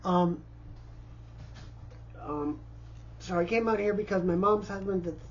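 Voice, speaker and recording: A man in his fifties from Indiana, a vlogger, makes an unscripted personal appeal for help indoors in a cluttered house, stammering and repeating words. His voice is high-pitched and measured, distressed and overwhelmed, in a muffled recording with slight background noise.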